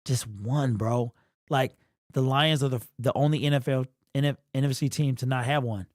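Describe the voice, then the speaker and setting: A man's voice: medium pitch, fairly even intonation, normal speed, a little mellow, no echo, studio quality. Emotional, rambling man on a livestream. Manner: rambling, repeats and restarts, slangy. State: emotional, sniffly. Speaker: livestream host. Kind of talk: casual livestream chat.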